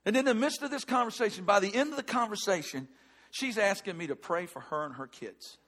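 A middle-aged man preaching from the pulpit, his voice sitting notably high for a man. He tells his story with lively swings from loud emphasis down to near-hushed lines. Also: brisk. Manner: animated storytelling, shifting between loud and hushed. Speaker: pastor. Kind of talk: sermon with personal story.

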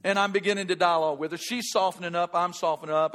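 A middle-aged male pastor preaching a sermon and telling a personal story, shifting between loud emphatic lines and hushed ones. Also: high-pitched, steady tone, quick pace, hardly any pauses.

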